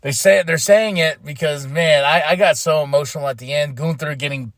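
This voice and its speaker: A man with a fairly high voice talks through a casual podcast recap. He sounds emotional and rambles, restarting his sentences often, and the recording is dry and close. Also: brisk, a bit bright, no echo. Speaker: podcast host.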